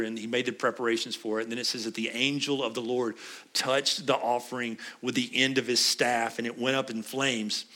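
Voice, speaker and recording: Pastor, male, middle-aged, bright voice, chatty sermon delivery that questions the room. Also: medium pitch. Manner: conversational, asks the congregation questions.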